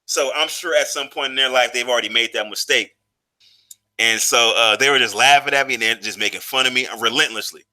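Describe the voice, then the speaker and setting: Bright-voiced man telling a casual story. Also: medium pitch, brisk. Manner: loose and profane, heavy with fillers and restarts. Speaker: vlogger.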